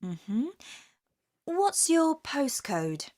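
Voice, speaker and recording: A woman's voice: high voice, very animated, extremely slow, darkish tone, full character voice. A woman with a British accent playing a polite office clerk who asks questions and reads the answers back in a scripted coursebook dialogue. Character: polite female office clerk issuing a card.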